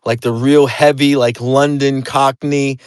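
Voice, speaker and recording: A man's voice: medium pitch, flat delivery, measured pace, smooth, no echo. A man hosting a casual chat, swearing freely and tagging his points with "right?". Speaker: host.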